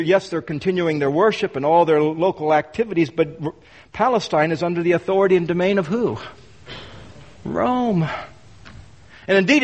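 Emphatic high-voiced preacher, hall reverb. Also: male voice. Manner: emphatic, rhetorical questions, acts out quoted voices. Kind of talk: expository sermon.

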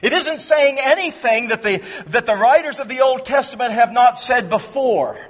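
A man preaching an expository sermon, earnest and emphatic, often repeating words as he restarts and slowing down to stress key phrases. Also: very high-pitched, lively intonation. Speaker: pastor. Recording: long hall reverb.

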